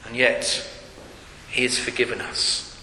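Male preacher, high and sharp voice, emphatic, repetitive sermon delivery, long hall reverb. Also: level tone, slow. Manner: emphatic, repeating phrases, dropping to hushed tones. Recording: echoey hall with faint hiss.

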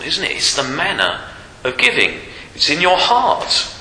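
A male preacher giving a Sunday sermon, asking rhetorical tag questions and pausing on fillers, in a church hall with a long reverb. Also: a little high, huge pitch swings, pushed and bright. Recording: roomy hall reverb, faint noise.

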